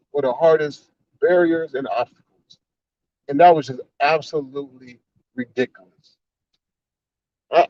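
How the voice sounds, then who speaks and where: A man's voice: a little high, no echo. A man giving an indignant, profane, repetitive rant in a commentary vlog. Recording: slightly dull, dry recording.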